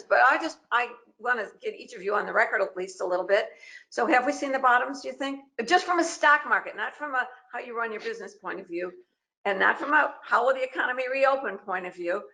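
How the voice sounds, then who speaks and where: A woman's voice: fairly high pitch, fast talker, pushed and bright, poor audio. A woman moderating a webinar panel over a video call, chatty and emphatic, firing off pointed questions.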